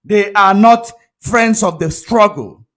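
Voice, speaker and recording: A man with a fairly high voice delivers a fervent commentary monologue. He talks emphatically and repeats his points, pressing the listener with rhetorical questions. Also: takes it slowly, a bit bright. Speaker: commentary vlogger.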